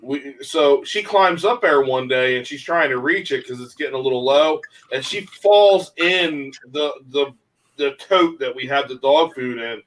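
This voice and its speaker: A man, a guest on a casual talk show, chatting in an easygoing, slightly halting way. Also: medium pitch, fairly bright tone, low-quality recording. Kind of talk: casual chat.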